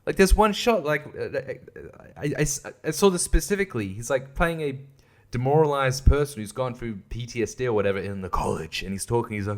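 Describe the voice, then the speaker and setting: A man's voice: medium pitch, sing-song, a little fast. A young man hosting a casual monologue, rambling and swearing, often laughing at himself. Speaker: host.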